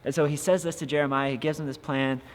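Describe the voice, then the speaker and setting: Earnest young youth pastor, reverberant room. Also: male voice, on the high side, steady tone, fast talker. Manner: earnest, encouraging, many filler "uh"s. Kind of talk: casual devotional podcast talk. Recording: long reverb with faint ambient noise.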